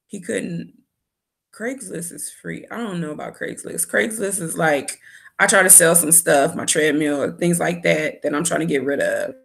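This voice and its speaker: A woman's voice: on the low side, normal speed, creaky. A woman giving a candid, opinionated casual recap of a reality show as a vlogger. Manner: candid, opinionated, with quoted asides.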